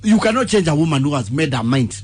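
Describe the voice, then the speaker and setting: A Kenyan man co-hosting a radio show, speaking emphatically in lively banter. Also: on the high side, fast talker, slightly rough, soft background music. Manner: emphatic, mixes English and Swahili. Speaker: radio co-host.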